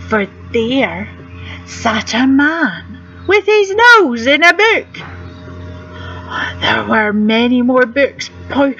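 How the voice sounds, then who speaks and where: A woman's voice: high-pitched, sing-song, drawn-out words, long pauses, fairly bright tone, soft background music, low-quality recording. A woman reading a rhyming picture book aloud to children, gasping and asking the listener questions. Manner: gasps and asks the listener questions. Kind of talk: animated read-aloud storytelling.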